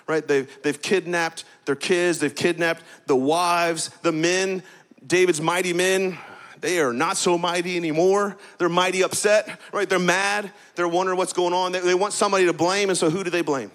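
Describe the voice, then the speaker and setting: A male pastor preaching a sermon in a lively, conversational way, often adding "right?" and getting the congregation to repeat words back. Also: high-pitched, normal speed. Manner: energetic, conversational preaching with frequent "right?" asides. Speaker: campus pastor.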